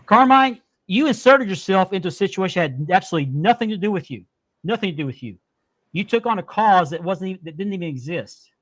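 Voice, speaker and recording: A man's voice: high voice, lively intonation, fast talker, dry recording. A man hosting a live-stream talk show who speaks indignantly and repeats his points for emphasis. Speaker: podcast host.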